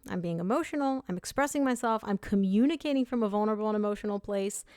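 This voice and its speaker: A woman reads tarot cards in a chatty, upbeat way, speaking straight to her viewers. Her voice sits at a middle pitch. It is close and dry, with no room echo. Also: fast talker, a little mellow, clear, resonant tone. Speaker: tarot reader. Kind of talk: tarot reading monologue.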